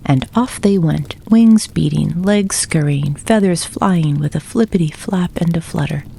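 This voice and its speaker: A woman reading a children's storybook aloud for bedtime, soft and gentle. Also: low voice, measured pace, creaky, a little hiss or hum. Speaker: narrator.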